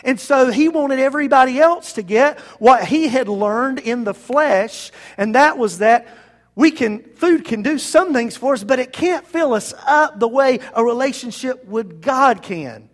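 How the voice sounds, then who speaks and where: A man's voice: extremely high pitch, lively intonation, a little slow. A man preaching a sermon as pastor, talking to the congregation in a conversational, emphatic way and appealing to them directly.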